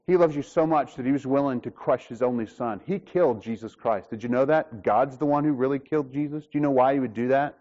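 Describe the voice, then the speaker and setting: A man's voice: on the high side, fairly quick, few pauses, a little mellow, highs cut off. A male pastor preaching a sermon emphatically, asking rhetorical questions and acting out little conversations.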